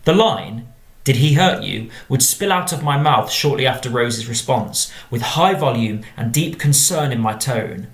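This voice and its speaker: A man with an English accent, a drama teacher reading out and explaining model exam answers in a measured tone. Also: mid-range voice, animated. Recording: echoey room.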